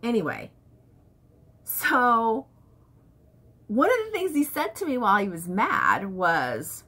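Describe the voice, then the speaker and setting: A woman's voice: mid-range voice, big pitch swings, measured pace, pauses often, pushed and bright, husky. A woman vlogger chatting candidly to camera, telling stories from home life. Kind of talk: casual chat to camera.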